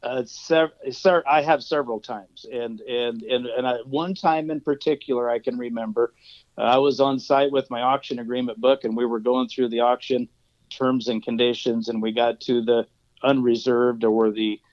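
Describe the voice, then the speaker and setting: A man's voice: medium pitch, fairly even intonation, moderate pace, darkish tone, dry recording. Rambling man telling a work story. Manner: rambling, repeats words, many fillers. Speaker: region manager. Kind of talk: podcast interview storytelling. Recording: dull, dry lo-fi sound.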